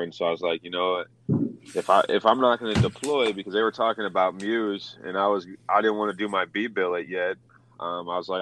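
A man's voice: sits low, highs cut off, a little hiss or hum. A young man, a former Marine, telling stories in casual, profane talk and acting out the voices of others. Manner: animated, acts out quotes with swearing. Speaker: veteran guest telling war stories.

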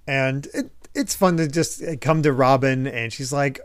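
A man hosting a casual chat podcast, recapping story events in an animated way and laughing often. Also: mid-range voice, normal speed, few pauses, clean tone, dry recording, studio quality. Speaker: podcast host.

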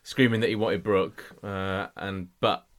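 A man's voice: lowish voice, fairly even intonation, measured pace. A man co-hosting a casual boxing podcast, talking in loose, hedging sentences and steering the topics. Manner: conversational, hedging with "you know", leads the segments. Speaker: podcast co-host.

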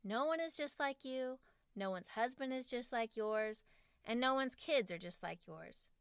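A woman's voice: on the high side, animated, measured pace, clear, resonant tone, no echo, clean studio sound. A woman in her forties, a podcast host, reading her own parenting book aloud with wry, self-mocking humor.

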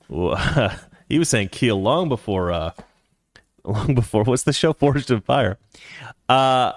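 Sarcastic man with a lively delivery. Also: mid-range voice, a little slow, no echo. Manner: sarcastic, animated, reads quotes aloud. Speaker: commentary host. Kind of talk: casual opinion commentary.

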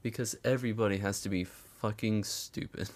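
Gravelly, sarcastic man narrating a recap. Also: on the low side, measured pace, very noisy. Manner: sarcastic, swears a lot, chuckles often. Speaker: recap commentator. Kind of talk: casual profane recap commentary.

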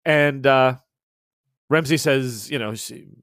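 A male game master narrating a tabletop horror session in a loose, conversational way, pausing with fillers as he paints a scene. His voice sits at a middle pitch. The recording is dry and close. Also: fairly bright tone, no room sound. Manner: casual, descriptive, with fillers.

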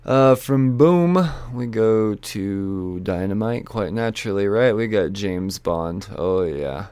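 A man's voice: on the low side, lively intonation, slow pace, a little mellow, smooth, dry recording. A man casually running through the week's new comic books, rambling, joking and swearing as he goes. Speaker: comic book shop owner reviewing weekly releases. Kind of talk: casual solo chat about new releases.

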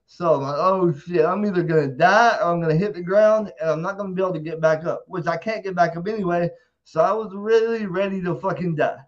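High-voiced man telling a wild story. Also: fairly quick. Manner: profane, animated, acts out quotes. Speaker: interview guest. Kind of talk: casual storytelling. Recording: dull lo-fi audio.

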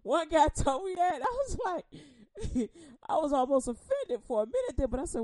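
Animated woman preacher telling funny stories. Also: sits high, normal speed, no echo. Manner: animated storytelling, laughs and acts out quotes in slang. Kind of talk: humorous sermon.

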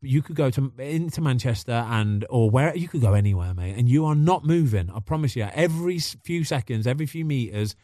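A man's voice: mid-range voice, animated, brisk, hardly any pauses, warm tone, dry recording, clean studio sound. A middle-aged man, a retired footballer, bantering animatedly in casual podcast chat.

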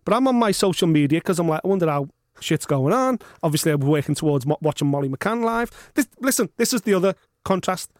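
Podcast host, man, high voice, animated sweary ranting, dry mic. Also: fast, dry recording. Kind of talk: casual chat.

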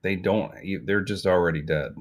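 A man co-hosting a comedy podcast, riffing through an absurd story in a rambling, animated way. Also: low-pitched, normal speed. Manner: rambling, animated, repeats himself. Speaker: podcast co-host.

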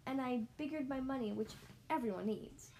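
A woman reading a rhyming storybook aloud, rhythmic and sing-song, slowing down for emphasis. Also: high-pitched, warm tone, slight background noise, low-quality recording. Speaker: storybook reader.

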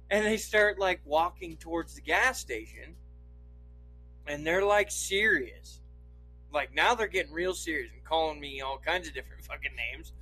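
Man, from Idaho, profane storyteller, laughs a lot, high voice. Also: animated, unhurried, pauses often, sharp tone, soft background music, low-quality recording. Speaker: podcast storyteller. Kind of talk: casual anecdote telling.

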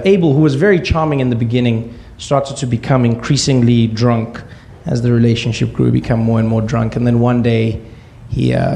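A male stand-up comedian telling a personal story on stage, with deadpan asides in a slow build. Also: medium pitch, vocal fry, a little hiss or hum.

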